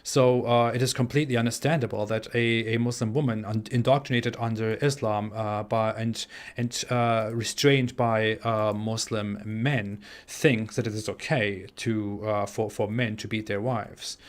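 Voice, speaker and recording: A man in his twenties with a German accent, hosting a live stream and reading out viewer super chats, talking in a halting way with many fillers and restarts. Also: on the low side, steady tone. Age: 20s. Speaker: livestream host. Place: home in the US Midwest.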